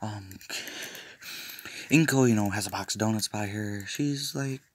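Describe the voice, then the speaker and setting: A man's voice: fairly low pitch, fairly quick, no echo. A young man casually telling a fan-made story, rambling with loose fillers, restarts and jokey asides.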